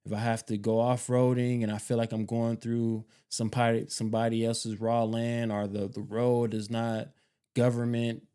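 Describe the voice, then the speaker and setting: A man hosting a homestead vlog, talking casually and rambling, repeating himself with relaxed slang. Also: mid-range voice, normal speed, clean tone. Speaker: homestead channel host.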